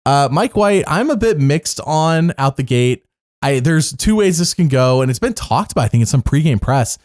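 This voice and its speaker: A man's voice: fairly high pitch, moderate pace, no room sound, clean studio sound. A man co-hosting a casual podcast, joking around and acting out little bits as he talks. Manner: animated, joking, acts out bits. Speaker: podcast co-host.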